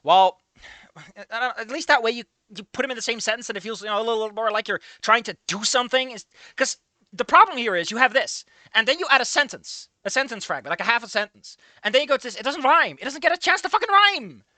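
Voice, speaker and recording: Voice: medium pitch, animated, quick pace, sharp tone, no room sound. A reader of fan fiction who breaks in with exasperated, profane rants about the writing. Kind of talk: reading fan fiction aloud with comedic commentary.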